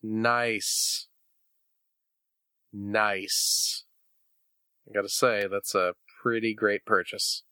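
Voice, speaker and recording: A man in his thirties co-hosting a casual podcast chat, animated and jokey, laughing often. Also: fairly low pitch, extremely slow, long pauses, smooth, no room sound. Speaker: podcast co-host.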